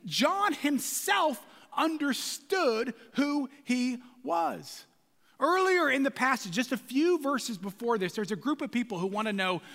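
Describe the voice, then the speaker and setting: A pastor preaches slowly and very animatedly in a very high, bright voice whose pitch swings freely. Loud and passionate, he pushes up to a shout for emphasis, and his words ring through a hall with a long reverb.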